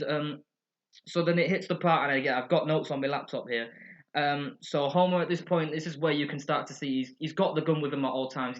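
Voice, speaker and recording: Guy, bit high voice, chatty energetic reviewer, muffled webcam mic. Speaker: episode reviewer. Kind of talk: casual chat. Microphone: computer webcam. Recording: slightly dull webcam audio.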